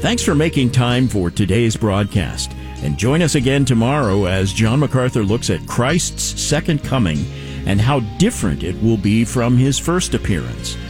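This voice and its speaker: A man hosting a Christian radio program, announcing smoothly and asking interview questions. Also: mid-range voice, sing-song, normal speed, music in the background. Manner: smooth, promotional announcer delivery.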